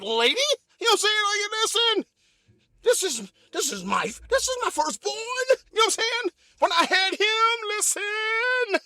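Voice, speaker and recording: A man hosting an improvised comedy podcast, telling a story in an animated, repetitive way. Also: extremely high pitch, dry recording, studio quality. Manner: animated, repetitive, laughs often. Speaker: podcast host.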